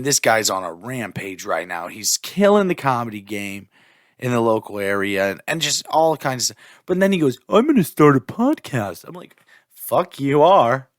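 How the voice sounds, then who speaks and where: A man hosting a solo podcast and talking about his life in an animated, profane, rambling way, often restarting his sentences. He is a stand-up comic. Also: medium pitch, no echo, clean studio sound. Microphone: podcast mic.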